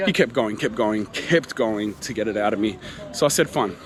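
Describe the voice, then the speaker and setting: A travel vlogger in his 30s animatedly retells a frustrating encounter to camera, exasperated and quoting the exchanges back and forth. His voice is lowish and brisk, with hardly any pauses. Crowd noise and faint street noise can be heard behind him.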